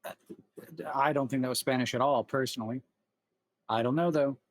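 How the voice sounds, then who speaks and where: Rambling, joking reaction host, dry sound. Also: male voice, medium pitch, steady tone, brisk, dry recording. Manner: rambling, joking, unsure asides. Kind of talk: casual reaction commentary.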